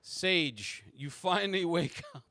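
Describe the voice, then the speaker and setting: A man's voice: on the high side, animated, takes it slowly, pushed and bright, no room sound. A man running a tabletop game as game master, narrating in the second person with frequent halts and restarts.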